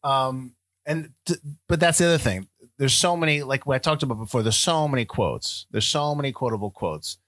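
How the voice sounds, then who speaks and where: A man's voice: medium pitch, fairly quick, no room sound. A man in his forties co-hosting a casual chat, laughing often. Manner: laughing, animated. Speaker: podcast co-host.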